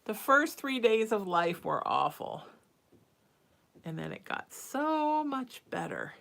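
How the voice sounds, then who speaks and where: A woman's voice: a little high, sing-song, takes it slowly, creaky. A woman hosting a casual live-stream as a psychic medium, reassuring and calling listeners sweetheart and honey. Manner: casual and chatty, with soft fillers.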